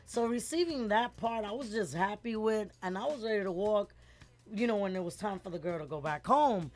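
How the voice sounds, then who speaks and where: A middle-aged woman, telling a lively story as a guest in a casual interview and acting out the voices of the people in it. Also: medium pitch, fairly quick. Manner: animated, acts out quoted voices, switches between English and Spanish words.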